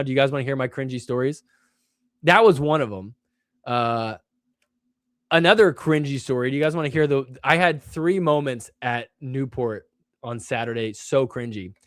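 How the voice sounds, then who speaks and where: A man hosting a show, telling stories in a casual way with lots of "like", animated and poking fun at himself. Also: mid-range voice, normal speed, dry recording, clean studio sound. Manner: animated, self-mocking, heavy use of "like". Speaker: show host. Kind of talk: casual solo storytelling.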